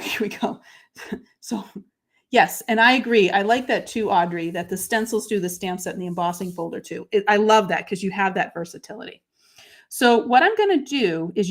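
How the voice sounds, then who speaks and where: Chatty woman demonstrating a craft live. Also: mid-range voice. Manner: chatty and self-deprecating, narrating each step while working; answers viewer comments by name. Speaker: host of a live papercrafting stream.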